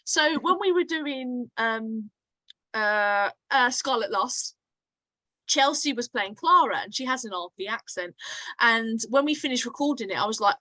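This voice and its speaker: A woman's voice: fairly high pitch, lively intonation, a little slow, bright, forceful tone, dry recording, low-quality recording. A woman hosting a podcast over a video call, chatty and giggly, telling stories in casual chat. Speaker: podcast host.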